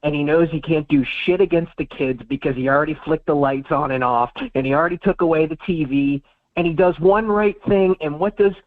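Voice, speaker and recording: A man's voice: fairly high pitch, a little fast. Ranting man on a tinny phone line. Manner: heated, profane ranting. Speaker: podcast co-host. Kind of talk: casual sports talk.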